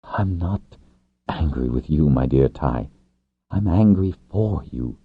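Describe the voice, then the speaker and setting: A man's voice: a bass voice, lively intonation, slow pace, slightly rough, no room sound, heavily acted. A man doing an earnest young dragonrider leader. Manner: earnest, gentle, intense. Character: passionate young male wing leader, earnest and tender. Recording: tinny phone-like, dry.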